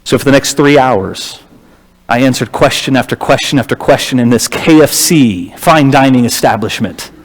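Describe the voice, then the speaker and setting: A man telling a story as a church lecturer, with a humorous, lively manner. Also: mid-range voice, normal speed. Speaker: guest lecturer. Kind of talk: storytelling sermon. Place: church auditorium. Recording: reverberant hall.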